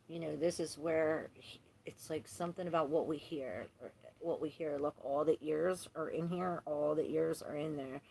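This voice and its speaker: A woman's voice: low voice, vocal fry, a little hiss or hum. A woman giving a live tarot reading who rambles, trails off and restarts, swears casually and laughs often. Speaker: tarot reader. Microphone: phone.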